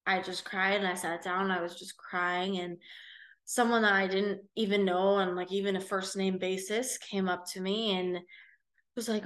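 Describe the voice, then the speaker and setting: A woman's voice: medium pitch, steady tone, normal speed, fairly bright tone. A young woman with a Southern California accent, earnestly and reflectively telling a personal story as a guest. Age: young adult. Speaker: guest, host's daughter.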